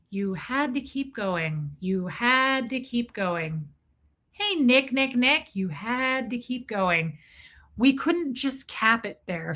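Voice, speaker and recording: A woman hosting a livestream, telling an animated, profane, comic story and greeting her viewers in a casual way. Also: fairly high pitch. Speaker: livestream host.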